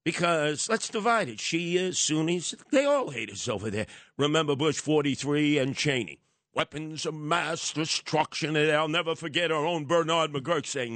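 A man's voice: on the high side, moderate pace, dry recording. Sarcastic New talk radio man. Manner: animated, sarcastic, slips into mocking voices. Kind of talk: opinionated radio monologue.

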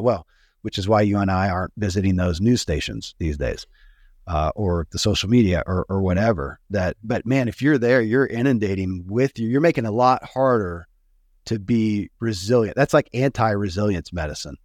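A man's voice: fairly low pitch, normal speed, a little mellow, no echo, studio quality. A man hosting a podcast, talking in an earnest, musing way with frequent restarts. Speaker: podcast host. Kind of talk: casual reflective conversation.

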